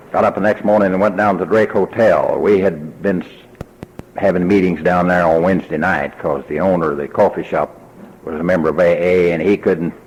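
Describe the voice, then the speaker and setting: A man's voice: low-pitched, a little mellow, breathy edge, highs cut off. An older man with a Texan accent giving a personal testimony at a recovery convention, telling his story in a folksy way and acting out remembered dialogue. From Texas.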